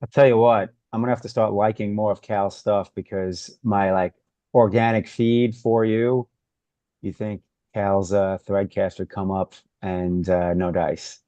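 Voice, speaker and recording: A man's voice: lowish voice, flat delivery, unhurried, warm tone, dry recording, muffled recording. A man co-hosting a casual live audio chat with easygoing banter. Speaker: co-host.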